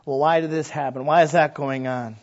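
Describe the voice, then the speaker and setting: A man preaching a sermon, talking conversationally to the congregation and often asking them questions, then building from quiet asides into loud, emphatic exclamations. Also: on the high side, fairly even intonation, a little fast, a little hiss or hum. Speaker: pastor. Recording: muffled lo-fi recording.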